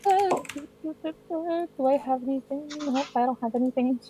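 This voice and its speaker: A woman chatting as a tabletop game player, giggly and animated, on a home mic. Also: sits high, takes it slowly, a little hiss or hum. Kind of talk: casual tabletop game chat.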